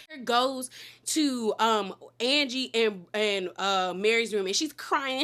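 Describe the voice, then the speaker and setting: A woman giving a casual, slangy, emphatic recap of a reality TV episode, quick to laugh. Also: fairly high pitch, expressive, sharp tone. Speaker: TV show recap host.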